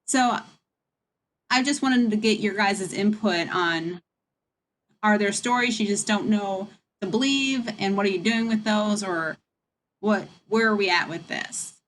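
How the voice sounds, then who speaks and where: A woman's voice: mid-range voice, a little slow, fairly bright tone, slight background noise. A woman leading a staff meeting over a video call, talking in a chatty, frank and rambling way. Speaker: meeting leader. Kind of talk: casual meeting talk.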